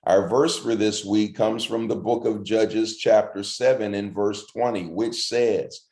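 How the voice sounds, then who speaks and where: Man, pastor, short devotional sermon, earnest, encouraging, mellow voice, echoey room. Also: on the low side, steady tone, creaky. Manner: earnest, encouraging, slows down to read scripture.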